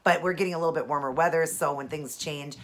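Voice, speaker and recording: Low husky woman, chatty and rambling. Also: quick pace. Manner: chatty, rambling with frequent asides. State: stuffy nose from allergies. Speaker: fashion and beauty vlogger. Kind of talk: casual outfit walkthrough. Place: indoors at home.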